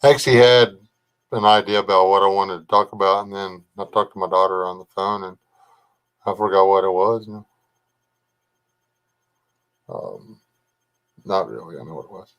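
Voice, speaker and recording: A man's voice: sits low, normal speed, long pauses, fairly bright tone, clean tone. Folksy older man. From Texas. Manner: rambling, folksy, chats to viewers by name. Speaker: livestream host. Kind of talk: casual live chat reading comments.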